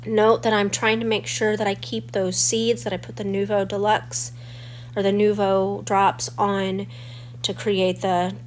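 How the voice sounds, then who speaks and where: A woman in her forties with a stuffy, slightly crackly voice from a cold, chatting through the steps of a scrapbooking tutorial. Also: mid-range voice. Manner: chatty and explanatory, walking through each step. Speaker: scrapbooking channel host. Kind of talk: crafting tutorial voice-over.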